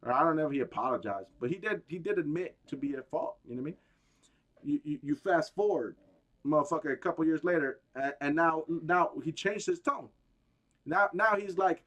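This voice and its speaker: A man's voice: fairly high pitch, fairly quick, fairly bright tone. A man on a gaming stream ranting about politics, heated, profane and rambling.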